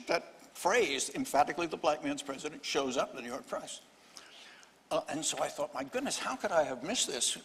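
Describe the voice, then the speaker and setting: An older historian on a panel speaks slightly high for a man, telling a story in stop-start phrases with dry humor. The live hall gives his voice a long, trailing reverb. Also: a bit bright, a little hiss or hum. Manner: halting, many restarts, wry storytelling. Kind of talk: panel discussion.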